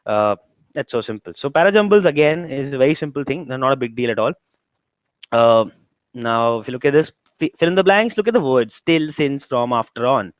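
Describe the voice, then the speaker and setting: A man's voice: medium pitch, lively intonation, a little fast, no room sound, low-quality recording. A man with an Indian English accent, lecturing on exam preparation and walking through questions step by step with frequent rhetorical questions. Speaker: exam prep tutor. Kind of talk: classroom lecture.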